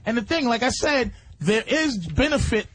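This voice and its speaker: Casting: high-pitched man, profane radio regular, argumentative and loud. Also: expressive, moderate pace, a little hiss or hum. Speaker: comedian regular on a radio show. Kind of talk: heated radio banter.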